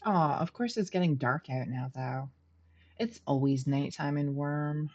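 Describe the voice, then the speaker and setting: A woman's voice: sits low, a little slow, darkish tone, dull audio. A middle-aged woman streaming a game from home, chatting casually, laughing often and poking fun at herself. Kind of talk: casual gameplay commentary.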